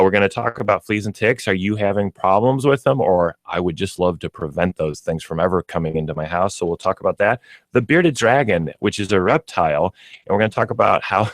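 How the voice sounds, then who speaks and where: A man's voice: low voice, no room sound. A middle-aged man with a Midwestern American accent, a pet store guest on a radio show, talking in a friendly, informative way. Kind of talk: casual radio chat. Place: radio studio. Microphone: studio microphone.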